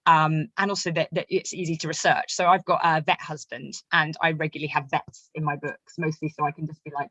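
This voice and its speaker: A woman, a novelist, teaching a writing workshop in a quick, chatty way with many fillers. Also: low-pitched, flat delivery, fairly bright tone, dry recording, dull audio. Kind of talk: online workshop talk.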